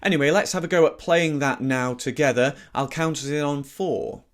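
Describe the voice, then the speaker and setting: A man teaching a harmonica lesson in a relaxed, easygoing way, thinking aloud and correcting himself as he explains. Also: fairly high pitch, moderate pace. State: slightly out of breath. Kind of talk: relaxed instructional talk.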